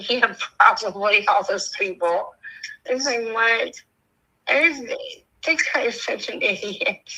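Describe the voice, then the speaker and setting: A woman's voice: on the high side, slow, sharp tone, breathy edge, poor audio. An older woman chatting casually as a stream host, telling stories and laughing often. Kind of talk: casual chat.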